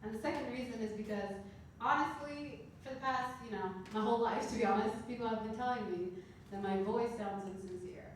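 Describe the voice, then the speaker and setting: A woman's voice: fairly high pitch, brisk, slight background noise. Woman doing stand-up in an echoey club. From Canada. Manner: laughing at own jokes, playful. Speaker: stand-up comedian. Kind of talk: stand-up comedy set. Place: comedy club stage. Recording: roomy club sound from a distance.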